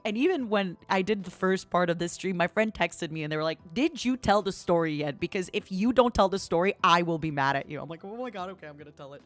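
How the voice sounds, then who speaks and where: A woman's voice: medium pitch, fairly bright tone. A woman streamer in casual chat, telling a story dramatically and animatedly.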